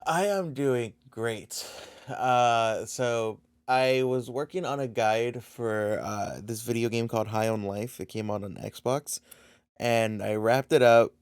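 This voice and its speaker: A man hosting a podcast in casual chat, relaxed and jokey, rambling a little as he talks. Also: mid-range voice, takes it slowly, clean tone, no echo. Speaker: podcast host.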